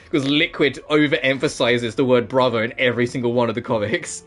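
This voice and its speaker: A man's voice: medium pitch, steady tone, normal speed, faint music behind. A man commentating a video game in casual chat, laughing often and going off on rambling asides. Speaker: let's play host.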